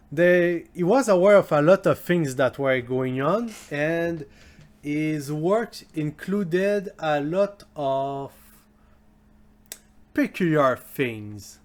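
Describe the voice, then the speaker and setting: A man whose first language is French talks through a history topic slowly and haltingly, often breaking off to restart or correct himself mid-sentence. His voice sits a little high for a man, and his delivery is relaxed and conversational rather than scripted. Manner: slow and halting, many restarts and self-corrections. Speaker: history video host. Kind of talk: casual spoken explainer.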